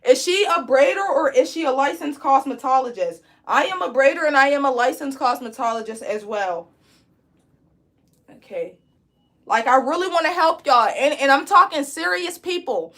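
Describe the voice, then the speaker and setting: A woman, teaching a live braiding class in a loud, chatty, encouraging way. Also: high-pitched, animated, moderate pace. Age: 20s. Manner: chatty, encouraging, reads comments aloud. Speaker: braid instructor.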